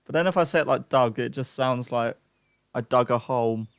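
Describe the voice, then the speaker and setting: A young man giving live play-by-play esports commentary, excitable, with self-mocking asides to chat. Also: mid-range voice, brisk, clear, resonant tone, no echo, clean studio sound. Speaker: esports caster.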